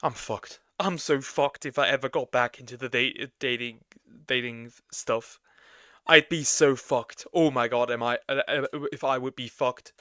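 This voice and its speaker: A man's voice: mid-range voice, steady tone, unhurried, no room sound, studio quality. A man reacting to videos as a streamer, casual, crude and swearing. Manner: crude, swearing, bursts of loud laughter.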